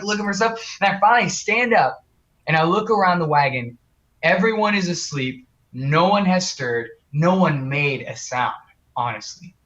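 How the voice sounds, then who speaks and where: A young man with a fairly high, bright and forceful voice tells a story in an earnest, animated way. He stumbles over fillers and restarts as he goes. The audio is muffled and lo-fi. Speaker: guest. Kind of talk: casual storytelling interview.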